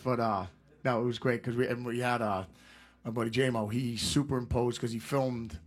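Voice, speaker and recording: A middle-aged guest musician tells rambling anecdotes in a casual interview, laughing often and slipping into quick impressions. His voice is medium-pitched with a breathy edge.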